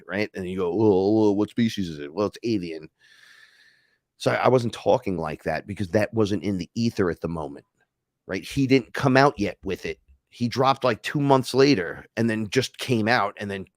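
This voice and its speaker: Man, podcast host, casual storyteller; low-pitched, excitable, foul-mouthed, loud-then-hushed delivery; dry close sound. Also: no room sound. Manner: profane, excitable, swings between loud and hushed. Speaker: podcast host recounting an experience.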